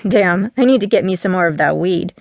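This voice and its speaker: A woman's voice: fairly low pitch, lively intonation, brisk, gravelly, no room sound. A woman reading an audiobook voices a careless, teasing teenage boy in a voice close to her own. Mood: rattled. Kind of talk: audiobook character voice.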